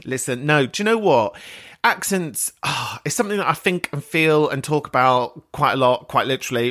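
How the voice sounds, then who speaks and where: A man's voice: mid-range voice, bright, forceful tone. A man with a London accent hosting a podcast, chatting casually, tangential and laughing often. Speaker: podcast host.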